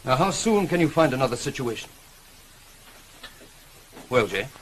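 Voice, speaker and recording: An actor plays a brooding gentleman master of a manor in a 1950s television drama, his voice at a middle pitch for a man. He talks in a commanding way that turns soft and pleading. A faint hiss runs under the old recording. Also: very animated, normal speed, lightly acted, rough recording. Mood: earnest. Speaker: employer.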